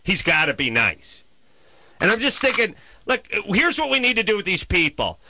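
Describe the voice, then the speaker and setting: A man's voice: high-pitched, huge pitch swings, moderate pace, bright, forceful tone, a little hiss or hum. A man hosting a podcast, telling a profane, exasperated comic rant about his neighbors. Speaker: podcast host. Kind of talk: comedic ranting storytelling.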